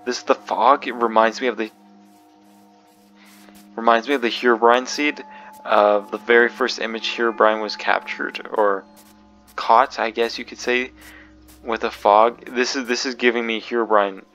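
Nervous male gamer, mid-pitched, jumpy, repeats himself, faint music underneath. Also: steady tone, moderate pace, pauses often, pushed and bright. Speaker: gaming video creator. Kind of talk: horror game commentary.

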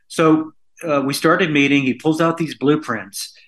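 A man's voice: a little high, a little slow, fairly bright tone. A man, a podcast guest, telling a long story in a casual, rambling way, full of fillers and restarts.

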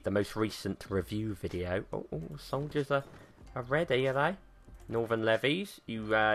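A British man hosting a gaming channel, giving live gameplay commentary with excitable, sweary banter aimed at the characters on screen. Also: lowish voice.

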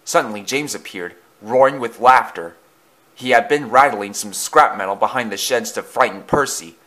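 A man reading a storybook aloud with expressive, dramatic narration. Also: mid-range voice, normal speed.

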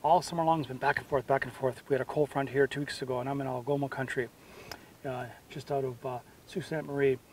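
A man hosting a fishing show from a boat on a lake, talking in punchy, excitable, salesy bursts. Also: mid-range voice, quick pace, a little hiss or hum. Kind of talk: on-the-water fishing commentary.

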